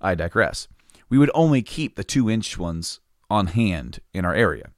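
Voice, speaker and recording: A man with a low-pitched voice tells a long, rambling story in a casual way. He laughs a lot and swears freely, and the sound is dry and close. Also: big pitch swings, unhurried, no echo.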